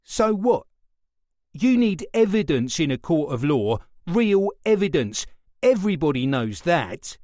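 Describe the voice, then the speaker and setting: A man's voice: on the high side, sing-song, measured pace, hardly any pauses, no room sound, clean studio sound, voice pushed up. A man voicing an anxious, indignant young man under police questioning, in a whiny, protesting voice. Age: young adult.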